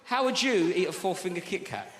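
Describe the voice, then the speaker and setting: A man doing a stand-up routine, telling an animated story and acting out the characters in it. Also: high-pitched, a little fast, noisy background. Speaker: stand-up comedian. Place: large theatre stage. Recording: live theatre reverb, loud crowd.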